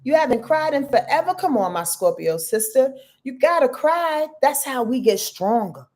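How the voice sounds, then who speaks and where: A woman hosting a casual live-stream astrology reading, expressive and chatty, speaking straight to her viewers. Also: sits high, moderate pace. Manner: expressive, talks straight to viewers, greets chat by name.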